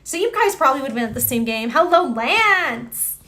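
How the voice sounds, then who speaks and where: A woman's voice: high-pitched, big pitch swings, brisk, sharp tone. A young woman hosting a live stream, chatting casually, greeting viewers by name and reacting with lots of exclamations. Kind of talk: casual chat reading viewer comments.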